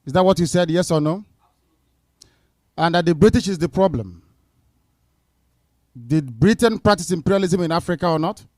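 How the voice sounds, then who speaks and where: A man with a somewhat high voice speaks into a dry, close microphone at a town hall. He talks firmly and insistently, often repeating short phrases to press his point. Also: normal speed, long pauses, a little mellow. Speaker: movement leader addressing a town hall. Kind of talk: public town hall debate.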